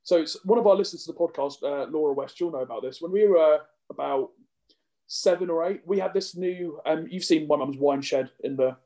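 A man's voice: fairly high pitch, brisk, mellow. A young man co-hosting a podcast, rambling and self-deprecating in casual chat. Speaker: podcast co-host.

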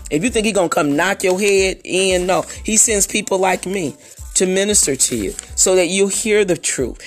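A woman's voice: medium pitch, normal speed, faint music behind. A woman preaching a sermon, emphatic and rhythmic, repeating key phrases.

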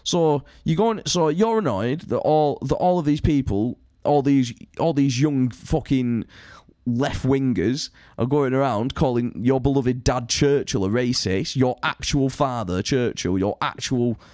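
A man's voice: medium pitch, unhurried, darkish tone, no room sound, clean studio sound. A man co-hosting a podcast, ranting in sweary, casual chat. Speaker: podcast co-host.

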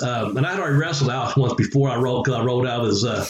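A man's voice: mid-range voice, rapid-fire, highs cut off, a little hiss or hum. A man, a former wrestler telling rambling stories as a guest, full of chuckles and fillers. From Southern United States. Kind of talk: casual storytelling interview. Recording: echoey room with faint ambience.

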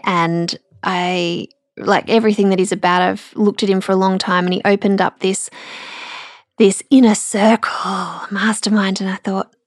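A woman's voice: mid-range voice, no room sound. Tearful woman, dry close sound. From Australia. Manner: candid and emotional, halting with restarts. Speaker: podcast host. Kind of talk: personal podcast monologue.

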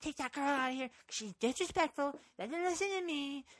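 A young man putting on the voice of an angry older woman bus driver who yells and scolds. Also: moderate pace, no room sound, studio quality. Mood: furious. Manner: shrill, yelling, indignant.

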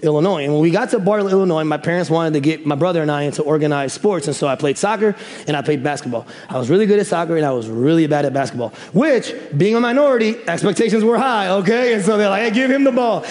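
High-voiced animated preacher in a hall. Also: male voice, fast. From Chicago area, USA. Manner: animated, jokey, swings into loud exclaims. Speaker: pastor. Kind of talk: sermon with storytelling. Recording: reverberant hall.

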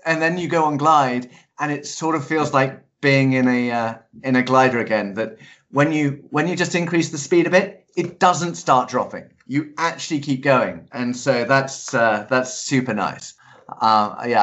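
A man's voice: medium pitch, normal speed. Enthusiastic male guest, muffled audio. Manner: enthusiastic, animated. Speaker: interview guest, paraglider pilot. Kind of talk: casual interview chat.

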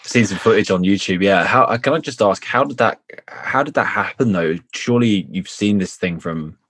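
A man's voice: lowish voice, normal speed, a bit bright, breathy edge. A man hosting a casual interview, often repeating himself and cutting in eagerly with questions. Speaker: podcast host.

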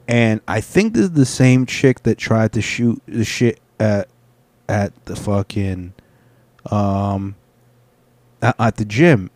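Man, lowish voice, casual profane reaction commentary, dry close sound. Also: expressive, measured pace, long pauses, a little mellow, dry recording. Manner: rambling, profane, self-correcting. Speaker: host reacting to video clips.

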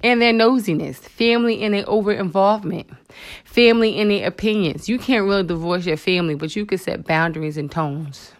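A woman's voice: mid-range voice, fairly quick. A woman hosting a Christian motivational talk, speaking emotionally and conversationally to her listeners, with asides and exclamations to the Lord. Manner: expressive, emotional, animated preaching with frequent asides; conversational, addresses listeners as girl and honey. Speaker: host of a faith talk show.

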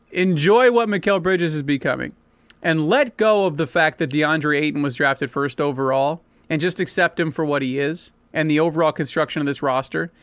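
A man's voice: fairly high pitch, fairly bright tone, dry recording. A man co-hosting a sports talk show, making blunt, insistent points with casual swearing. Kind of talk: sports radio debate.

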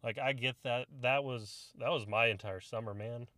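A man's voice: medium pitch, steady tone, moderate pace, pushed and bright, no room sound. A young man co-hosting a casual podcast, telling army stories with plenty of swearing. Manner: profane, storytelling, acts out quoted voices. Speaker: podcast co-host, army veteran. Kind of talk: casual chat.

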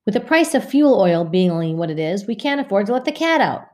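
A woman's voice: mid-range voice, sing-song, brisk, a little mellow, voice pushed up, natural voice. A woman voicing a harried, irritable father in a storybook reading, with a curt, exasperated delivery. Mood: grumbling.

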